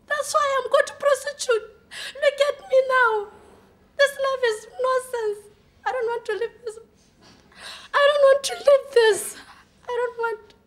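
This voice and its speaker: A woman's voice: extremely high pitch, bright, forceful tone, heavily acted. A woman from Botswana performing an audition monologue as a despairing, sick, orphaned young woman, swinging between sobbing and laughing. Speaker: audition contestant.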